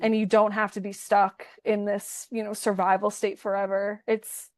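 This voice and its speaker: A woman's voice: medium pitch, flat delivery, moderate pace, darkish tone, no room sound, clean studio sound. A young woman giving a heartfelt testimonial in a conversational interview, speaking effusively and often restarting her sentences. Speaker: program participant giving a testimonial.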